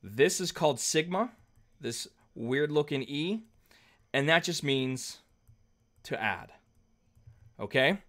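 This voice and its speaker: A man's voice: a little high, expressive, takes it slowly, pauses often, a bit bright. A man teaching a math lesson at a whiteboard, conversational and patient, often checking in with the class. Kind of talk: whiteboard lecture.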